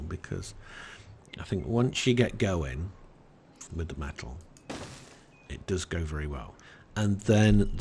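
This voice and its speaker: An Englishman with an English accent giving relaxed let's-play commentary in a soft, soothing, unhurried way. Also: lowish voice, slight background noise. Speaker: game commentator.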